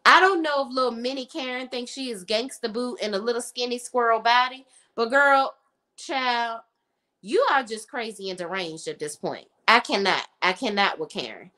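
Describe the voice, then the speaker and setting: A woman's voice: on the high side, normal speed. A woman giving a casual recap of a TV drama, retelling scenes dramatically and acting out the characters' lines as she goes. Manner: animated, dramatic retelling with lively quoted asides. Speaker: TV show reviewer.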